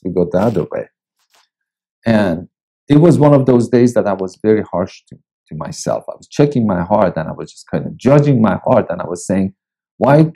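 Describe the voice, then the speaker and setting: A male pastor reading and preaching a devotional in a slow, deliberate way with long pauses. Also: on the low side, vocal fry, dark tone, breathy edge, rough recording. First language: Persian.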